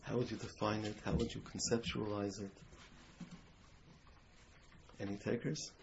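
A man's voice: lowish voice, little pitch movement, a little slow, vocal fry. A man giving a talk to a live audience, telling an emotional story and asking the room questions. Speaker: lecturer. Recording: lo-fi room recording with loud hiss.

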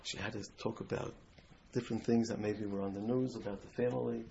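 A man's voice: fairly low pitch, fairly even intonation, a little fast, vocal fry. A man giving a talk to a live audience, telling an emotional story and asking the room questions. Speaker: lecturer. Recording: lo-fi room recording with loud hiss.

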